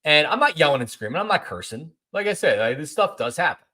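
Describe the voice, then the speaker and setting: A man in his forties, a podcast host, telling a story in a casual monologue, animated and repeating himself as he acts out both sides of a conversation. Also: a little high, fast talker.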